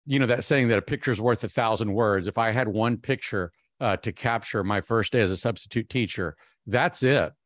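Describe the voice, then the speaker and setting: A man in his fifties giving a humorous keynote talk, telling a story in an animated, self-mocking way with frequent ums and restarts. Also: fairly low pitch, normal speed, hardly any pauses, dry recording. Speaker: keynote speaker.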